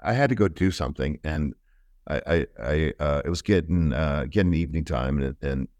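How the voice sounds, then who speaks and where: A middle-aged man telling a personal story as an interview guest, earnest and halting, often restarting his sentences. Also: rumbling low, darkish tone, no room sound.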